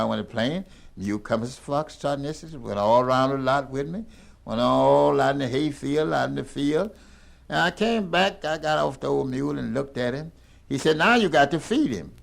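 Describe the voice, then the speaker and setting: An older man telling a rambling tall tale in a folksy, animated drawl. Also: mid-range voice, vocal fry. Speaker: storyteller.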